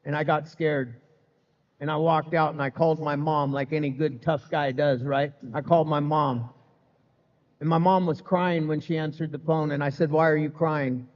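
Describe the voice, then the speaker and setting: A middle-aged man with a fairly high voice gives a candid, joking testimony to a live crowd, speaking loosely and conversationally. His voice rings out in a long hall reverb, and the sound is a bit muffled. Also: flat delivery, normal speed. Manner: candid, humorous, conversational, peppered with "man" and "you know". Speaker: speaker sharing his recovery story. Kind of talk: live recovery testimony to an audience. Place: event hall with live audience.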